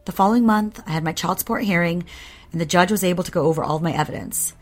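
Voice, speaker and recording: A woman's voice: lowish voice, very fast, faint music behind. A woman guest telling a personal story in an interview, candid and blunt, swearing freely.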